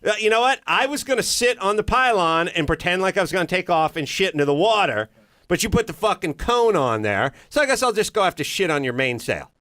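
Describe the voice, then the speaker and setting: A man putting on the voice of a showboating male pelican that pretends to take off, loud and taunting with lots of swearing. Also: high voice, lively intonation, brisk, no echo, studio quality, pitched above the performer's own voice. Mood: snide. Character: cocky showboating male pelican faking takeoff.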